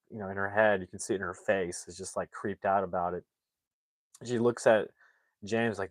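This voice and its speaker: A man's voice: fairly low pitch, steady tone, moderate pace, no room sound. A man casually retelling a movie's plot on a livestream, rambling with many fillers and acting out the characters' lines. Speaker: movie recap streamer.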